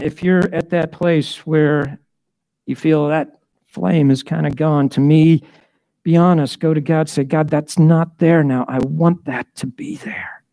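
A man's voice: a little high, warm tone, no echo. Man preaching a sermon. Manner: conversational, acts out prayers in varied voices. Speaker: pastor.

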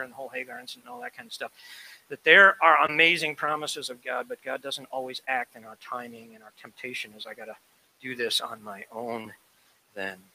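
A man preaches a sermon with a very bright, forward tone. His delivery is animated, acting out quoted voices and swelling loud on key lines. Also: medium pitch, fairly quick, creaky, slight background noise, rough recording. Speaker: pastor.

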